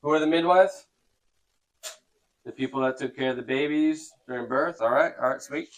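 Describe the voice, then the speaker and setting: A man's voice: mid-range voice, moderate pace, long pauses, poor audio. Casual man teaching a youth class. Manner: conversational, checks in with "okay?" often.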